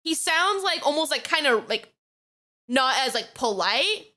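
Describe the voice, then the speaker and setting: A woman's voice: sits high, sing-song, unhurried, sharp tone. A young woman from New York chatting on a reaction stream, giggly and rambling, with lots of fillers. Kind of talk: casual reaction stream chat.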